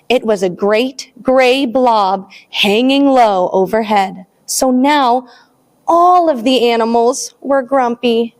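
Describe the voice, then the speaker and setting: A woman librarian reading a picture book aloud to small children, expressive and animated, then leading a counting rhyme. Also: fairly high pitch, slow. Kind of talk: storytime read-aloud.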